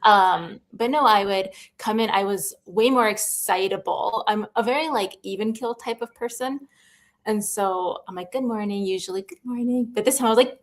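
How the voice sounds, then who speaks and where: Animated woman telling classroom stories. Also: medium pitch, a little fast. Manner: animated storyteller, acts out her own voice, laughs often. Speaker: student teacher. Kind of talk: casual interview chat.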